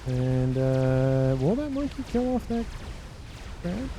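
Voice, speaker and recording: A man's voice: mid-range voice, big pitch swings, slow pace, mellow, faint music behind. A man casting a strategy game match in a casual, chatty way, joking, laughing and repeating phrases for emphasis. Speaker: game commentator.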